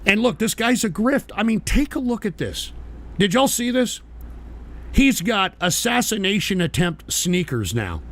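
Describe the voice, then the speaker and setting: A man's voice: high voice, big pitch swings, a little slow, fairly bright tone. A man hosting a live political stream, talking in a heated, profane rant aimed at his chat viewers.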